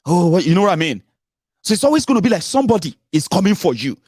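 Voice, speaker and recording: A middle-aged man with a Nigerian accent giving casual political commentary from home as a show host, animated and full of rhetorical questions, slipping into pidgin and leaping up in pitch. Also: racing, breathy edge, no echo, clean studio sound. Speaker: radio and online show host.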